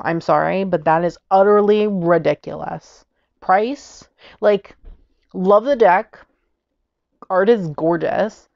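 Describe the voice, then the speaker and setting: Canadian woman host, casual reviewer, chatty and exclamatory; lowish fry-heavy voice. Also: slow pace, dry recording, lo-fi sound. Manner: chatty, exclamatory, stumbles over foreign names. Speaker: tarot channel host.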